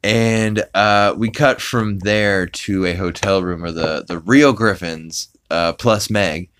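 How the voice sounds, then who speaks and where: A man's voice: low voice, takes it slowly, a bit bright, slight background noise. A man hosting a podcast, recapping an episode in a rambling, casual way with many fillers and acted-out quotes. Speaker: podcast host.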